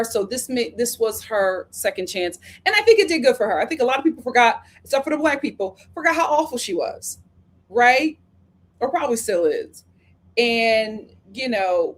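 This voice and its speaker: A woman hosting a live review of a reality show, talking casually and acting out the cast members' lines as she recaps. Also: on the high side.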